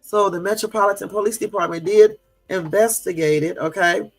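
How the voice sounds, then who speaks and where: A man with a gravelly, raised voice hosts a casual livestream and talks in an indignant, rambling way. He fills his talk with "um" and speaks straight to his live viewers. Soft music plays faintly behind him. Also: high-pitched, fairly even intonation, normal speed. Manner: indignant, rambling with many fillers; chats with and answers live viewers. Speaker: livestream host.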